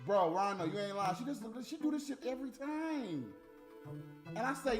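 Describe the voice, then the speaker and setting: A man's voice: animated, brisk, echoey room, music in the background. A man talking casually and profanely to his viewers on a livestream, mocking and ranting. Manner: profane, mocking, mimics high squeaky voices.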